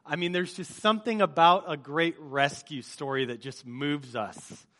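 Before a live church congregation, a pastor with a fairly high-pitched, sharp-toned voice talks at a moderate pace. He opens his sermon by quizzing the crowd in a movie-quote game, keeping it chatty and full of jokes.

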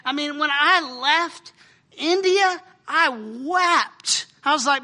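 A middle-aged man giving an informal, animated sermon about a mission trip, laughing often and using casual slang. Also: very high voice, slow. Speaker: speaker sharing a mission trip story.

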